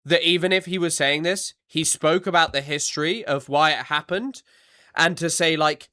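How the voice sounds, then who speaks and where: A man streaming live, reacting bluntly to news clips, often halting them to argue and circling back with fillers and repeats. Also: fairly high pitch, pushed and bright. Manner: filler-heavy, repeats himself. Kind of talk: casual live-stream commentary.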